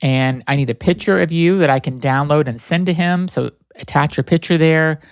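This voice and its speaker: A man's voice: fairly high pitch, normal speed, clear, resonant tone, no room sound. Chatty guy hosting a podcast, rambles a lot, dry close sound. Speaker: podcast host. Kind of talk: casual podcast chat.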